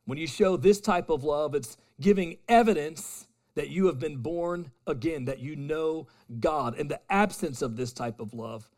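A man preaching a sermon, moving between loud emphatic declarations and hushed storytelling. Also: on the high side, measured pace, hardly any pauses. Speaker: pastor.

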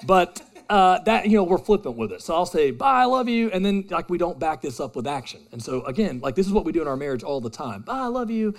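A man's voice: fairly high pitch, lively intonation, quick pace, few pauses, darkish tone. A man in his thirties preaching a sermon to a live congregation, casual and self-deprecating, talking directly with the room. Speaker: pastor. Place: church hall with a live congregation.

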